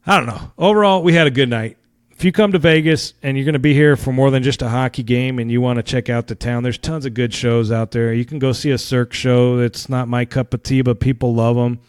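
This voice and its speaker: A man's voice: medium pitch, steady tone, a little fast, clear, resonant tone, no room sound, clean studio sound. A man hosting his own podcast, telling a story in a casual, swearing, rambling rant and laughing along with it. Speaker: podcast host.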